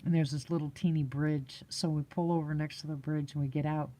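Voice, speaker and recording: A woman spins a long story in casual live chat, circling back with fillers and restarts and breaking into laughter. Her voice sits low and dark, with a soft, mellow tone. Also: fairly even intonation, fairly quick. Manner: rambling, laughs often, many fillers and restarts.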